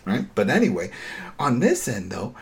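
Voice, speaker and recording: A man's voice: medium pitch, gravelly. Exasperated man ranting through an episode recap. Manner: animated, exasperated ranting with swearing; acts out character lines in quick impressions. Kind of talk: casual spoken episode recap.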